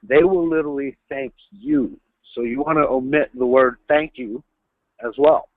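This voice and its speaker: A man's voice: mid-range voice, moderate pace, no echo. Man, sales trainer, emphatic coaching delivery, phone-quality webinar audio. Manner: instructive, coaching, emphatic on key words. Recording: tinny phone-line webinar audio, dry.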